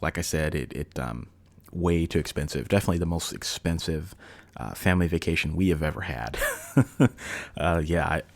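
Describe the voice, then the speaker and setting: Deep gravelly guy rambling on his podcast, lots of ums and likes, chuckles a bit. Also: normal speed. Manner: rambling, loose delivery with many fillers and restarts. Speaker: podcast host. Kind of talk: casual solo podcast storytelling.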